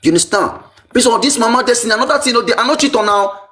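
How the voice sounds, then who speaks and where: A man with a Nigerian Pidgin accent, telling his own life story in an emotional, repetitive way. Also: rapid-fire. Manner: animated, pitch swinging high and low, repetitive.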